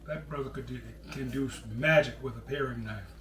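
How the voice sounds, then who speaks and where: A man's voice: medium pitch, normal speed, a bit bright, echoey room, recorded from a distance, soft background music. A middle-aged man hosting a home cooking show, chatting casually as he preps vegetables and calls people "brother.". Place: home kitchen.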